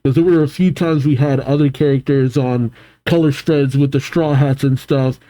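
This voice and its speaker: A man hosting a manga reaction video, reading along and reacting emotionally with sighs and halting exclamations. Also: medium pitch, fairly even intonation, dark tone, low-quality recording. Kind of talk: casual reading and reacting to a comic.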